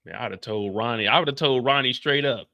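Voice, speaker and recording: This streamer is a young man reviewing a TV episode, rambling casually and repeating "like" and "you see what I'm saying." His mid-range voice is brisk and gravelly, with the highs cut off.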